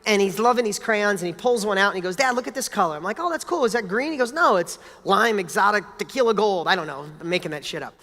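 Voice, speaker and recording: A man giving a motivational talk, telling a personal story in an energetic, animated way with casual swearing. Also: high voice, quick pace, few pauses. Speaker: motivational speaker. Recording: long hall reverb.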